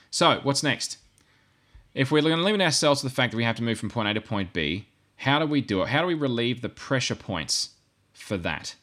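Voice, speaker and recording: A podcast co-host with a somewhat low, fairly bright voice chats casually. He rambles, corrects himself along the way, and tosses in asides.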